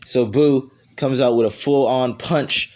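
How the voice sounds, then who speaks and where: A man's voice: medium pitch, fairly even intonation, unhurried, a little mellow. A man casually improvising a fan story aloud, rambling and self-correcting as he goes and laughing at his own voices.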